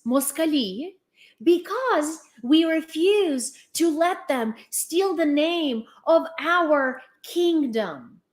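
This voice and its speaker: Blunt, high-voiced woman. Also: a little mellow. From Ukraine. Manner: blunt, sarcastic, condescending, swears. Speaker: vlogger. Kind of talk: live-stream commentary.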